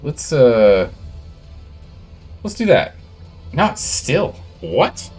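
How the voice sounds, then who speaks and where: Lively chatty male game streamer. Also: medium pitch, very slow, slightly rough, faint music behind. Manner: chatty, distracted while fixing audio levels. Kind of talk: casual live-stream chat. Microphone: studio microphone with gain control.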